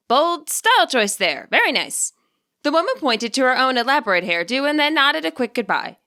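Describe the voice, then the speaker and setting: A woman narrating a fan story aloud, with an expressive reading style. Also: a little high. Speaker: narrator and channel host.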